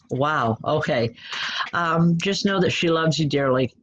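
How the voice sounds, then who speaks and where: A woman's voice: deep voice, lively intonation, slow, slight background noise. A woman working as a spiritual medium, delivering readings to a gathered group in a chatty, folksy way. She talks bluntly and makes jokes at her own expense. The recording sounds dull and lo-fi. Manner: chatty, folksy, self-deprecating; blunt, direct.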